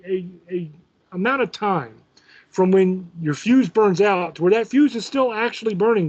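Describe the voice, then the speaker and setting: A man's voice: sits high, lo-fi sound. A man casually telling a profane, self-mocking story as host of his own show.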